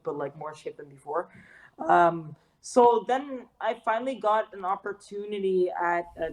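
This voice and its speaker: A woman's voice: medium pitch, rough recording. A young woman from Canada, a guest in a casual interview, talking loosely with lots of slang, fillers and swearing. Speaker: guest, fitness trainer and artist.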